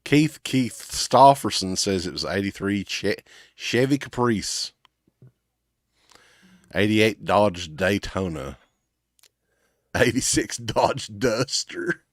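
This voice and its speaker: A man's voice: lowish voice, expressive, takes it slowly, pauses often, no room sound, studio quality. A man co-hosting a casual livestream, reading viewer comments and cracking crude jokes over a video call. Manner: joking, crude banter, reads viewer comments. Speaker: co-host reading chat.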